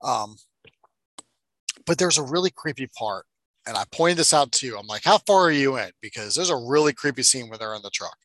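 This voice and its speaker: Bright-voiced sarcastic man. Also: medium pitch, expressive, fairly quick, no room sound. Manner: profane, sarcastic, acts out movie lines. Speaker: podcast co-host. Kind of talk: casual movie-review chat.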